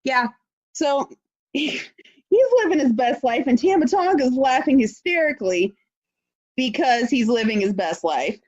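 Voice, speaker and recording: A woman co-hosting a podcast in casual chat, telling stories with excitement, acting out quotes and swearing freely. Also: high voice, measured pace, no echo, highs cut off. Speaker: podcast co-host.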